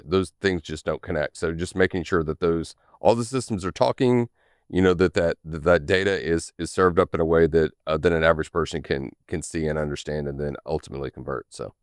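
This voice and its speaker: Low-voiced Southern man, casual podcast guest. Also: clear, resonant tone, no room sound, studio quality. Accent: Southern US drawl. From Tennessee. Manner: repeats words often, frequent "right?" tags, laughs easily. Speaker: podcast guest, channel sales manager.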